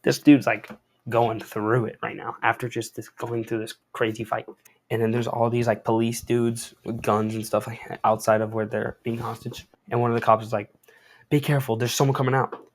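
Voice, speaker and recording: Speaking at normal speed in a mid-range voice with a completely flat delivery, a young man reads a comic out loud and chats about it. He keeps things loose with slang and relaxed, noncommittal side remarks.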